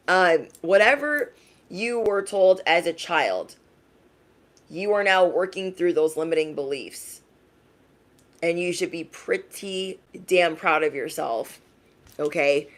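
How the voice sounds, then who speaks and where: A young adult woman giving a casual livestream tarot reading in a frank, emphatic way, often tagging her points with a quick question. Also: fairly low pitch, animated, a bit bright. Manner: emphatic, frank, tags lines with "okay?". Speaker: tarot reader.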